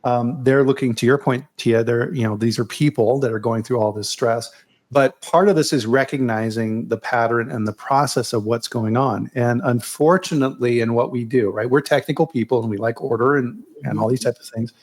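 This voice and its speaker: A middle-aged man in casual podcast conversation, speaking at an ordinary middle pitch. He talks in a relaxed way, restarts and repeats words, and drifts into stories. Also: a little fast. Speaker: podcast host.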